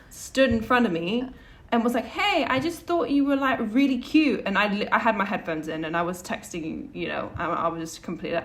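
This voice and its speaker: A woman's voice: medium pitch, pushed and bright. A woman co-hosting a podcast, telling a personal story in a rambling, casual way with lots of restarts and fillers. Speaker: podcast co-host.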